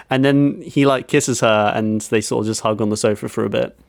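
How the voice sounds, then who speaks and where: A man's voice: medium pitch, little pitch movement, normal speed, vocal fry, dry recording, studio quality. A man on a podcast telling a story, acting out quotes as he goes. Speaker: podcast co-host. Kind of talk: casual chat.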